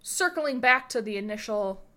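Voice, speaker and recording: A woman's voice: fairly high pitch, animated, normal speed, sharp tone. A woman hosting a podcast, chatting casually and rambling with lots of fillers. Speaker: podcast host.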